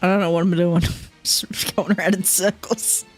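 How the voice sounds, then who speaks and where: A woman's voice: on the low side, little pitch movement, normal speed, faint music behind. Rambling, laughing woman streamer. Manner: rambling, swears often, laughs a lot. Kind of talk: casual chat while playing a game.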